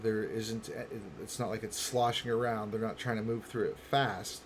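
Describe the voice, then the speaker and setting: A man narrating as game master for a tabletop game, slow and deliberate with fillers. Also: fairly low pitch, steady tone, a little hiss or hum.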